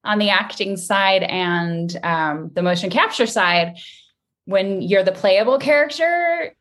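A woman being interviewed as a guest actress, chatting lively and laughing often. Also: medium pitch, slow. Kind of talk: casual interview chat.

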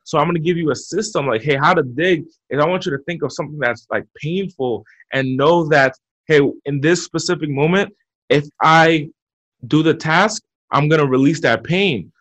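A man giving motivational advice as a podcast guest, talking in an energetic coaching way with frequent repeats. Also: fairly high pitch, moderate pace. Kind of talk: motivational interview talk. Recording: muffled lo-fi audio.

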